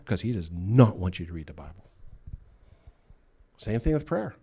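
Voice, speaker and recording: A man's voice: on the low side, very animated, moderate pace, long pauses, mellow, slightly rough. A male pastor delivering a sermon with emphatic delivery, acting out the voices he quotes. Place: church.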